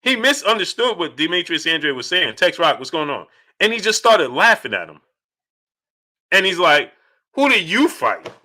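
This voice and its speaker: Very animated and sharp-toned, this boxing channel host speaks in a slightly high voice at a normal pace. On his live talk stream he calls out chat viewers by name and emphatically repeats what he says.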